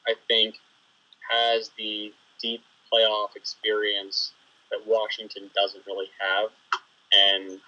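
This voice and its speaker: A man's voice: lowish voice, pushed and bright. A man co-hosting a casual sports podcast, talking things through with frequent restarts. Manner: hesitant, restarts his thoughts. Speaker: podcast co-host. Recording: dull lo-fi mic.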